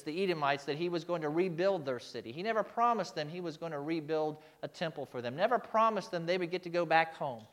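A man with a notably high voice preaches a sermon. He speaks emphatically and turns to his listeners with rhetorical questions. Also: fairly bright tone. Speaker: pastor.

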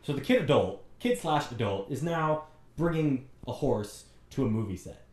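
A man's voice: medium pitch, lively intonation, normal speed, a little mellow, roomy sound, recorded from a distance. A man giving an exasperated, joking recap of a bad movie, putting on mocking voices as he goes. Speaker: movie reviewer. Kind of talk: comedic movie rant.

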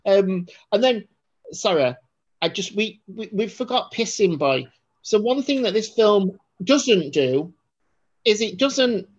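This podcast co-host, a woman with a medium-pitched voice, chats casually and meanderingly about a movie. Her sentences frequently start over as she gets excited, and the audio quality is somewhat muffled and lo-fi.

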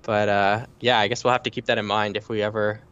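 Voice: medium pitch, level tone, quick pace, fairly bright tone, clear, resonant tone, highs cut off. A podcast co-host chatting casually, reacting to stories with short remarks and frequent laughs. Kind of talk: casual chat.

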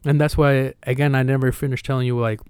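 A man's voice: mid-range voice, flat delivery, quick pace, darkish tone, smooth, dry recording. Candid, slangy male podcast host. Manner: candid, swears casually, slangy; acts out retold dialogue with energy. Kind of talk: casual podcast conversation.

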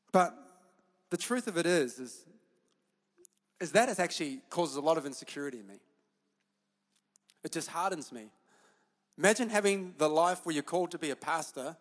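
Male pastor, high-pitched, impassioned sermon that swings from confession to rallying the room; long church-hall reverb. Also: lively intonation, moderate pace, long pauses. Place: church auditorium.

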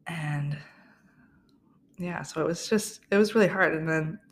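A woman's voice: low-pitched, unhurried. A young woman hosting a podcast, chatting casually through a personal story, laughing often and restarting her sentences. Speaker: podcast host.

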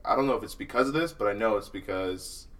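A man's voice: fairly low pitch, fast, fairly bright tone. A man chatting casually on a podcast, giggling and hesitant. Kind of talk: casual chat. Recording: distant mic with clear crowd behind.

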